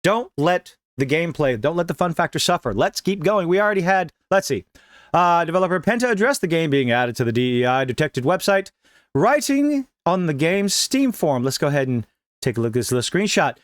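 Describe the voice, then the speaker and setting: A man giving sarcastic, emphatic gaming news commentary with dramatic pauses. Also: on the high side, animated, no room sound, studio quality. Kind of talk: opinionated online commentary.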